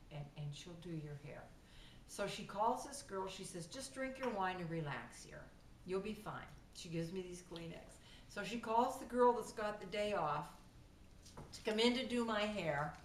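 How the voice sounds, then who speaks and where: Woman telling a story, bright high voice, echoey room, bit far from mic, faint hiss. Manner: animated, lively retelling with laughter. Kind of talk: casual storytelling. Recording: roomy sound from off the mic with faint noise.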